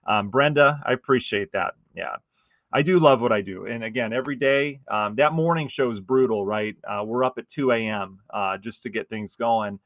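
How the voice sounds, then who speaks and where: A man's voice: mid-range voice, moderate pace, dry recording. Earnest rambling man over tinny audio. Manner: rambling and earnest, many fillers and restarts. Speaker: meteorologist hosting a weather livestream. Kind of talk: casual livestream chat with viewers.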